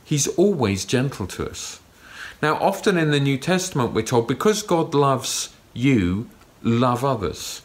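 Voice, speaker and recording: Male preacher, mid-pitched voice, calm sermon delivery with gentle emphasis. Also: a little slow.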